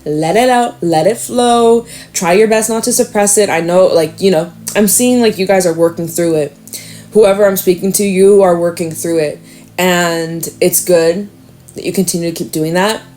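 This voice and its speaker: A young woman giving a casual, chatty tarot reading. She fills her talk with fillers and sometimes jumps into loud, high-pitched acted lines. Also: normal speed, faint music behind. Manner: chatty, upbeat, lots of fillers, acts out voices with loud high bursts. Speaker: tarot reader.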